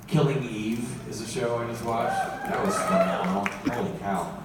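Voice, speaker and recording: A man tells jokey stories to a convention crowd. His voice is mid-pitched and echoes around a big hall. It sounds far from the microphone, with steady background noise. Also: moderate pace. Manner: joking, animated storyteller. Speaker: convention panel guest. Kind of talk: casual panel chat with audience.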